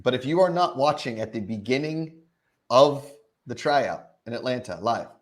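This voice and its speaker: A man's voice: medium pitch, lively intonation, normal speed. A man in his thirties hosting a casual live stream, upbeat and reading out chat questions. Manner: upbeat, hypes viewers, reads chat questions. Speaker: host.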